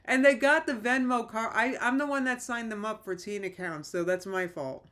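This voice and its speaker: A woman's voice: on the high side, normal speed, a bit bright. Female streamer, casual rambling chat, sentimental, talks straight to viewers. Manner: rambling, reads chat comments aloud, restarts often; nostalgic and emotional. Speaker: livestream host.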